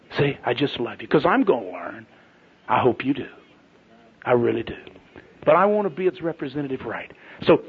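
A middle-aged man preaches in a folksy, emphatic style, swinging from loud declarations to hushed asides. His voice sits a bit high and sounds husky. The recording is tinny and narrow, like a phone line. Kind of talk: sermon.

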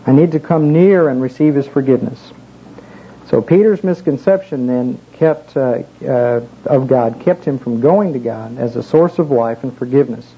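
A man's voice: medium pitch, normal speed. A man preaching a casual sermon, telling a personal story in a folksy, conversational way with many fillers. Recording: muffled with faint background hiss.

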